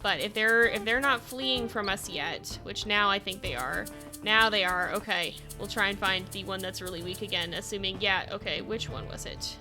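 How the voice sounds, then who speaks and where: Woman, gaming streamer, mid-pitched, giggly and chatty, with clear game music behind. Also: moderate pace. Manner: chatty, giggly, talking to her animals on screen. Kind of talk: live game commentary. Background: background game music.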